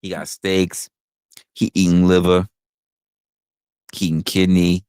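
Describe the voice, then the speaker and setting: A man's voice: low voice, level tone, slow, a little mellow, clear, resonant tone, no echo. A man hosting a talk show, ranting in a profane, emphatic way and repeating his points. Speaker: podcast host. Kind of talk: opinionated casual rant.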